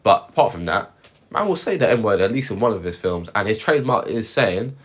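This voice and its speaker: A man's voice: lowish voice, a little fast, slightly rough. A man co-hosting a podcast, telling stories in casual chat with lots of slang. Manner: animated storytelling with slang. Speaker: podcast co-host.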